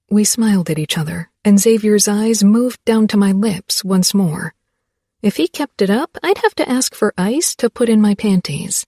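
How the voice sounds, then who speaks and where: A woman's voice: medium pitch, expressive, normal speed, warm tone, dry recording, studio quality. A woman narrating a first-person romance audiobook with a wry, playful manner.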